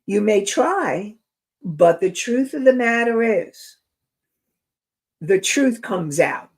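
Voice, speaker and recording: A woman's voice: medium pitch, very animated, slow pace. A woman hosting a self-help talk show, speaking earnestly and reflectively, addressing her listeners directly. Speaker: host. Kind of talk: inspirational talk show monologue.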